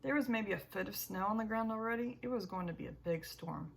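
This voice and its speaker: A woman narrating an audiobook in the first person, with expressive, emotional storytelling. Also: medium pitch, brisk, gravelly.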